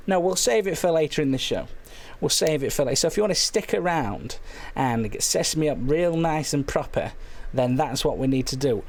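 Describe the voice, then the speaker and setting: A man hosting a comic late-night phone-in stream, rambling in a silly, deadpan way, his voice a little hoarse. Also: fairly high pitch, moderate pace, hardly any pauses. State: slightly hoarse. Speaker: phone-in show host.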